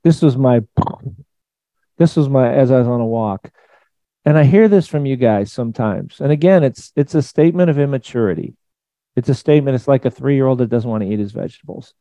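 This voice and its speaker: A man preaching a sermon in a conversational, emphatic way, swinging between loud and soft. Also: medium pitch, brisk, dry recording. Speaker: pastor.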